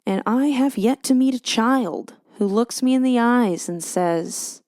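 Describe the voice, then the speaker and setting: A woman's voice: a little high, a little slow, hardly any pauses, darkish tone, no echo, studio quality. A young woman hosting a casual solo podcast, chatty and self-mocking, drifting into a joking drawl when she prays aloud. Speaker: podcast host.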